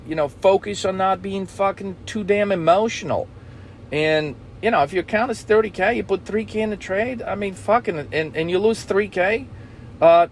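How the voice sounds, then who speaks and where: A male trading coach gives a blunt, swearing motivational talk. He sits a bit higher in pitch than most men. He keeps checking in with "okay?" and hammers the same point until it sticks. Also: slight background noise. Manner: profane, blunt, repeats "okay?".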